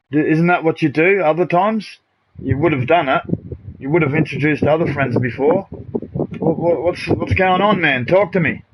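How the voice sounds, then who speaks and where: His voice sits a little high and runs a little fast as this middle-aged Aussie streamer chats with party members during a live game. He's blunt, aggrieved and freely profane, tossing out mate and bro at everyone, over a muffled, noisy home mic.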